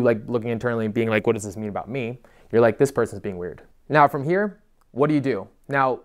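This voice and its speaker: A young man speaking fast to camera, giving dating advice in a casual, profane, animated rant. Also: mid-range voice.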